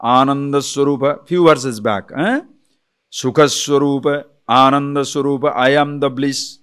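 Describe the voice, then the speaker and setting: A man, a spiritual teacher giving an animated lecture on scripture, full of rhetorical questions and chuckles. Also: medium pitch, normal speed, smooth.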